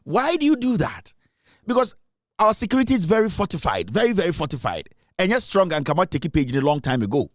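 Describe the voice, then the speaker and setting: A man's voice: high-pitched, very animated, fast, no room sound, studio quality. A Ghanaian man hosting a political commentary show, emphatic and repetitive, switching between English and Twi. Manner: emphatic, repeats points, mixes English and Twi. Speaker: show host.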